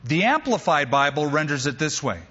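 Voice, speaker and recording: A man preaching with a lively, bright voice that rises a little high, slightly husky at the edges. He tells stories with playful asides. The sound is dull and lo-fi, with a long hall reverb. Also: moderate pace. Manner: animated storyteller with humorous asides. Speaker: pastor. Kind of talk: sermon.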